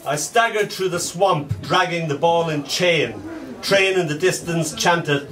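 Man, poet reading at a live poetry night, slow and deliberate, soft line ends, heard from a distance, audience laughing in the room. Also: fairly high pitch, crowd noise. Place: small poetry venue with an audience. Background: audience laughing and murmuring.

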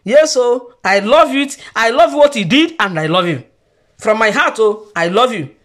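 High lady vlogging, preachy and emphatic, repeats everything. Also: expressive, moderate pace. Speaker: church gossip vlogger. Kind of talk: casual commentary.

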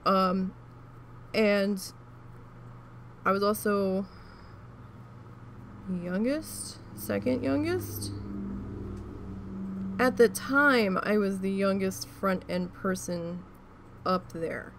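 A woman's voice: medium pitch, extremely slow, long pauses, a little hiss or hum. A woman vlogger chatting frankly about an old job while she crafts, with many restarts. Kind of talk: casual storytelling while crafting.

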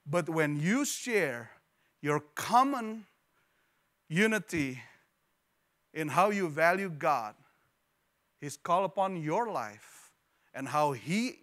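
A man preaching a sermon as pastor in a church, animated, repeating words and joking with the congregation. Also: on the high side, slow, pauses often. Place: church hall.

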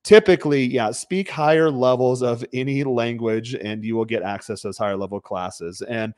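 A man's voice: mid-range voice, moderate pace, darkish tone, dry recording, studio quality. A man hosting a casual livestream chat, talking bluntly and with emphasis, sometimes swearing to make a point. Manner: blunt, emphatic, drops the odd swear word. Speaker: podcast host. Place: home.

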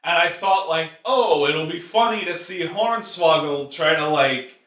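A man's voice: a little high, unhurried, a bit bright. A man hosting a movie review show, ranting in a casual, profane, exasperated way with lots of filler words. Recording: roomy echo.

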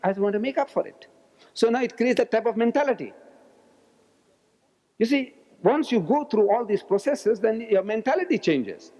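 Loud, forceful old man in an echoey hall. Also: very high-pitched, lively intonation, normal speed. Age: 70s. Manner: loud, forceful, roaring delivery. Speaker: lecturer. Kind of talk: public lecture. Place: large lecture hall. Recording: echoey hall, dull lo-fi archive recording.

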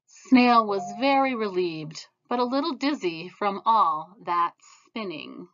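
A woman reads a children's picture book aloud, slow and gentle. Her bright voice moves up and down with lively expression, through a slightly muffled, lo-fi recording. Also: medium pitch. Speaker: storybook reader. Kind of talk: storybook read-aloud.

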